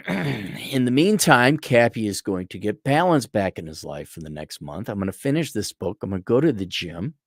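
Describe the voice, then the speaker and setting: A man's voice: on the low side, very animated, normal speed, vocal fry, no echo, clean studio sound. A middle-aged man and consultant delivers a blunt, profane, exasperated rant to camera. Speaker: consultant and vlogger.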